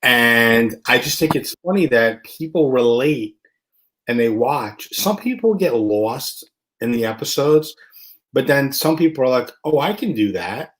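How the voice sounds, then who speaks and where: A man hosts a casual interview, talking in a relaxed, conversational way before he turns things over with follow-up questions. His voice sits in a middle pitch range for a man. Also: a little slow. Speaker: interview host.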